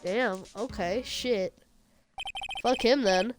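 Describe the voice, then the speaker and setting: A woman's voice: on the high side, takes it slowly. A woman streamer reading game dialogue aloud in a casual way, swearing and commenting on the lines. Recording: video game music behind.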